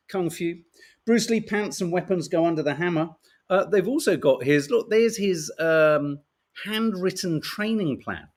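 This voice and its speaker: A middle-aged man with a British accent talks through the day's papers in a loose, chatty way. His voice sits a little high and swings all over the place, rising and dropping with each joke. He is wry and swears freely. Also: lively intonation, measured pace. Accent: British English. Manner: chatty, wry, swears casually, laughs at stories. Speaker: podcast host reading the papers. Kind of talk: casual chat.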